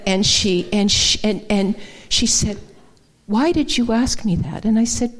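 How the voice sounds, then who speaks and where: A woman with a slightly low voice preaches a sermon built on personal anecdotes. She talks conversationally, calling people darling and honey as she retells conversations. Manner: warm storytelling, addresses people as darling and honey. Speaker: guest speaker.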